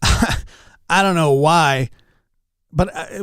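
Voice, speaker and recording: A man's voice: on the high side, takes it slowly, fairly bright tone, clean tone, no room sound, studio quality. A man chatting casually with his stream chat, telling rambling anecdotes and calling out viewers by name. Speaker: livestreamer.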